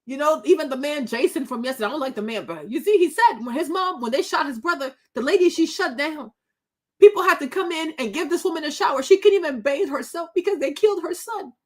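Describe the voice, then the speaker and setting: A woman's voice: high-pitched, lively intonation, quick pace. A woman in her thirties hosting a vlog, giving emotional commentary, tearful at times and repeating her phrases over and over. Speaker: vlog host.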